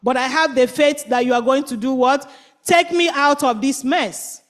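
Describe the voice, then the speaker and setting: A woman's voice: sits high, slow pace. A woman voicing a hopeful, determined male frog in a children's church story, earnest and pleading. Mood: praying.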